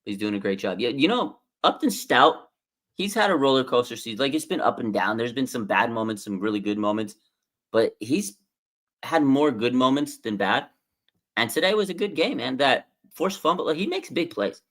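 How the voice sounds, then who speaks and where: Male fan-stream host, casual and excitable, average pitch. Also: normal speed. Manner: excitable, rambling, fan reactions. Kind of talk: casual live-stream commentary. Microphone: streaming desk mic.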